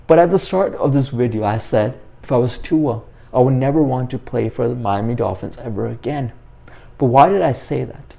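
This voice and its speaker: A man's voice: medium pitch, moderate pace, vocal fry, dark tone. A young man giving a heated, repetitive sports opinion rant as the host of his own channel. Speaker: sports commentator. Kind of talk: ranting sports opinion monologue.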